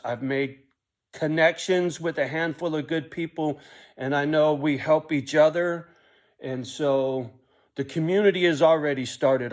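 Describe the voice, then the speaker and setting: Middle-aged vlogger, swearing, rambling, self-questioning, a plain mid-pitched voice. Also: male voice. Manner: profane, rambling, self-reflective, often ending lines with a muttered "right?". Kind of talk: casual monologue vlog.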